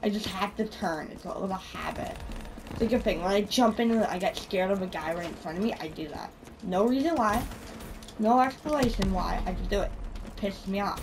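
A woman chats through an online shooter match, cursing freely and poking fun at her own play. She sits some way from the microphone, and a steady noise floor with clicking runs under her middle-pitched voice. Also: a little fast. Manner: rambling, self-mocking, swears often. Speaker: video game player. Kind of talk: casual gameplay commentary. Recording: distant mic with steady background noise.

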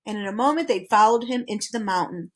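A woman reading a children's novel aloud in a calm, expressive storytelling manner. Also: mid-range voice, fast talker. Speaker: reader.

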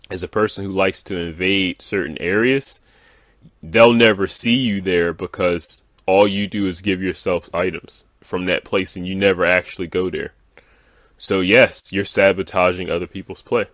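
Deep-voiced, exasperated man ranting. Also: a bit bright, no echo, studio quality. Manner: exasperated, dismissive, lots of fillers. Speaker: gaming video creator. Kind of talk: ranting commentary reading viewer comments.

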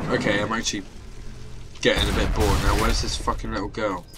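A man's voice: fairly low pitch, little pitch movement, brisk. A man commentating his video game play, swearing and taunting enemies. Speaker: gamer. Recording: game music behind. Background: game music and sounds.

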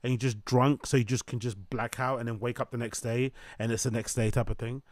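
A man's voice: medium pitch, fairly even intonation, a little fast, no room sound, studio quality. A man giving opinionated commentary, ranting and mocking in long repetitive lists.

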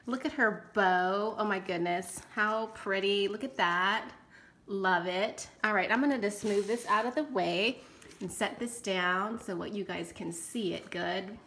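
A woman hosting her crafting channel, gushing with excitement as she shows off happy mail. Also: mid-range voice, a little hiss or hum. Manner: gushing, excited, quick-talking. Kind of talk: casual unboxing chat.

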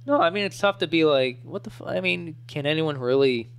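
A man's voice: a little high, lively intonation, a little fast, gravelly, clean tone. A man in his thirties co-hosting a casual podcast, riffing with crude wisecracks and jokes. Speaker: podcast co-host.

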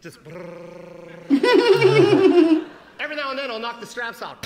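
A male comedian telling a profane story in stand-up, animated, acting out the scenes. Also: very high-pitched, a little slow, heavy background noise.

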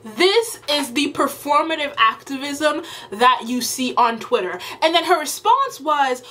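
Woman vlogger with a high voice, slow fed-up rant, keeps repeating herself. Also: expressive, bright, forceful tone. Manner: exasperated, emphatic and repetitive. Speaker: video creator. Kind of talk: casual ranting commentary vlog.

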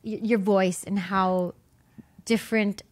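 A woman's voice: medium pitch, fairly even intonation, slow, no echo. A woman with a Filipino accent co-hosting a casual podcast, asking the guest questions and dropping in Tagalog phrases. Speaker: podcast co-host. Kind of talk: casual chat.

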